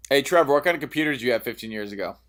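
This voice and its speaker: A man's voice: mid-range voice, expressive, racing, a bit bright. A man co-hosting a casual sports podcast, joking and needling his co-host with leading questions.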